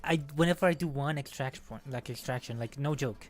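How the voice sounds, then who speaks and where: A woman streaming a game, chatting excitedly while pulling for rewards, squealing and laughing at good results and muttering when they are bad. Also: very deep voice, fairly quick, soft background music. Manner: squealing bursts of excitement, then deflated mumbling. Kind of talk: excited gacha-pull stream chat.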